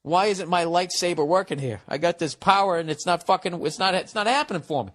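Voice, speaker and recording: A man's voice: high voice, brisk, a bit bright. A man in his fifties with a Boston accent, giving blunt, profane advice in a casual podcast monologue.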